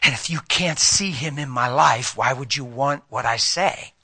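A middle-aged man preaching a sermon, emphatic and direct, urging his listeners and swinging from loud passages to hushed ones. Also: mid-range voice, a little slow, breathy edge.

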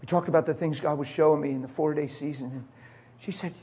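A man's voice: fairly high pitch, fairly even intonation, quick pace, dark tone, husky. A middle-aged man preaching, telling an emotional personal testimony in a confessional way. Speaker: pastor.

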